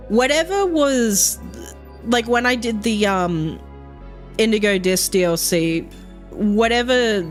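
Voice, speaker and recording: A woman chatting casually on a stream, rambling and swearing freely with plenty of fillers. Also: fairly low pitch.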